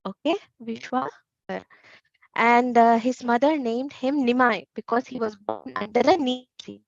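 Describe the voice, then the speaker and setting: Woman, children's teacher, storytelling, high-pitched, dry, dull audio. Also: a little slow, vocal fry, no echo. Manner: asks kids questions, animated. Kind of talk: storytelling to kids.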